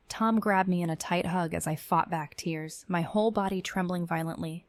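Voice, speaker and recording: A woman giving measured, tense first-person narration of a scripted horror story. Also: fairly low pitch, fairly even intonation, dry recording.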